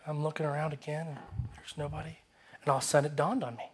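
Bright-voiced man telling a sermon story. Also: fairly high pitch, rapid-fire, long pauses. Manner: animated, humorous, acts out dialogue. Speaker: pastor.

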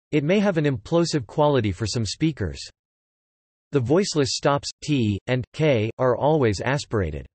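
A computer-generated man's voice reading an encyclopedia article, flat and even in delivery. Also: mid-range voice, dry recording. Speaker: text-to-speech reader. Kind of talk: synthetic encyclopedia narration. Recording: dry, close synthetic audio.

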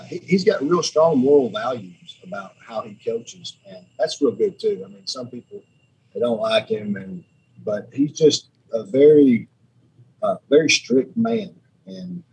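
A man's voice: medium pitch, vocal fry, darkish tone, breathy edge, rough recording. A man, a podcast guest telling stories in a rambling, chatty way. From Alabama. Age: 30s. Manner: rambling, repeats words, laughs often. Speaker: podcast guest, sheriff's lieutenant. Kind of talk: casual storytelling chat.

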